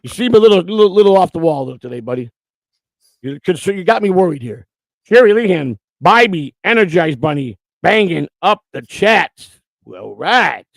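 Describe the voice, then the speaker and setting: A man hosting a casual live-stream chat in a raised, gravelly voice, joking and teasing as he reads viewers' messages. He speaks close to a streaming mic in a dry, dead room. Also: high-pitched, big pitch swings, normal speed, dry recording. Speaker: host.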